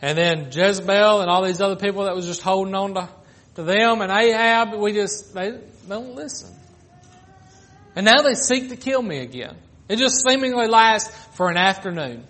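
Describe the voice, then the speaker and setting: High-voiced male preacher, dramatic swings. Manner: swings from loud pleading to hushed, drawn-out phrases. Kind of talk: sermon.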